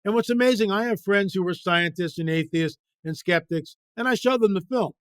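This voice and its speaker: The man's voice is high-pitched and a bit fast as he speaks, with passionate conviction, as a guest author and biblical researcher in an interview. Emphatic and repetitive, he fires off rhetorical questions, captured in clean studio sound with no echo.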